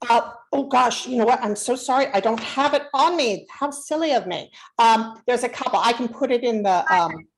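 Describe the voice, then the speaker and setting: A woman's voice: fairly high pitch, moderate pace, a little hiss or hum, poor audio. A woman co-hosting a casual chat in a chatty manner, with hesitant fillers. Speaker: co-host.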